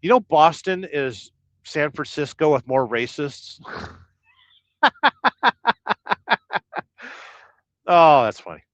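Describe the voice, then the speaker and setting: A man's voice: on the high side, lively intonation, unhurried, dry recording. A man hosting a casual livestream from inside his truck, chatting and joking while reading viewer comments aloud. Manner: rambling, jokey, reads viewer comments aloud. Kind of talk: casual live-stream chat.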